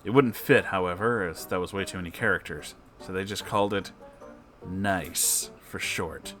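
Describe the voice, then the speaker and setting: A man's voice: deep voice, normal speed, over music. A man hosting his channel, reading a story aloud in a playful, chatty way.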